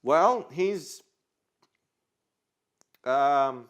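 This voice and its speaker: An actor playing a filmmaker who speaks hesitantly on a phone call. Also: male voice, a little high, animated, clean tone. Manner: hesitant, halting.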